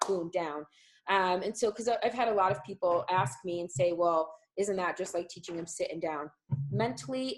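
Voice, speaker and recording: A woman's voice: fairly low pitch, low-quality recording. A woman dog trainer explaining a method in a live online class, talking loosely with many fillers.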